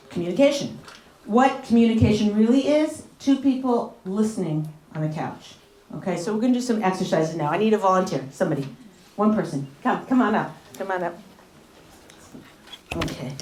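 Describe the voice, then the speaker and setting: A woman giving a live workshop talk to an audience, chatty and animated, often laughing and acting out little arguments. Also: mid-range voice, a little hiss or hum. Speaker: relationship workshop speaker. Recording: echoey room with audience.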